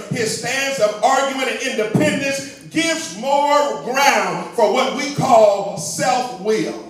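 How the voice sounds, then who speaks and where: A man preaching a sermon as pastor, with rhythmic call-and-response phrasing that rises to shouts, in a church sanctuary. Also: sits high. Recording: echoey church hall, mic at a distance. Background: congregation responding.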